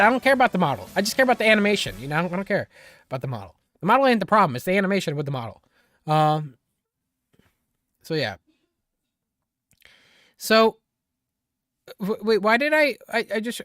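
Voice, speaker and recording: A live streamer in casual chat with viewers, excitable, laughing often and teasing the chat. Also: mid-range voice, no room sound, studio quality.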